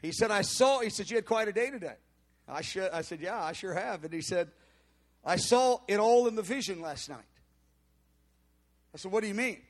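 A middle-aged man, a pastor telling a story in a sermon, acting out voices with sudden shouts and quiet mutters. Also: high-pitched, animated, normal speed, pauses often.

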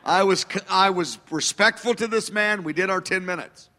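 Male pastor, fifties, high bright voice, spinning an anecdotal sermon story with wry asides. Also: moderate pace, long reverb tail. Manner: anecdotal, self-deprecating, chuckling asides.

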